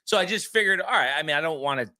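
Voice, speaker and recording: A man's voice: a little high, lively intonation, rapid-fire, sharp tone. A man co-hosting a podcast, telling a long story in casual chat, full of restarts and acted-out quotes. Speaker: podcast co-host.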